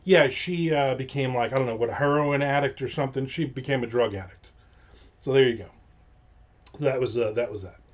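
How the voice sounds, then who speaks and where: A man's voice: medium pitch, brisk, lo-fi sound. A man hosting a show, telling a long anecdote in a rambling, digressive way with casual profanity. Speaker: show host. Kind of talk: casual storytelling.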